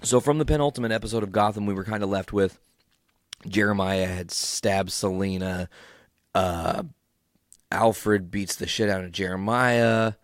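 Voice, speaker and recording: A man's voice: lowish voice, steady tone, normal speed, dry recording, studio quality. A man hosting a solo podcast recap in a casual, rambling way, tired and yawning, swearing freely. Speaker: podcast host.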